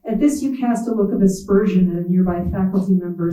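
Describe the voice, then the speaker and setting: Writer reading aloud, wry and measured, mellow voice, echoey hall, heard from afar. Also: medium pitch, steady tone, recorded from a distance. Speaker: visiting writer. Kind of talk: literary reading in second person.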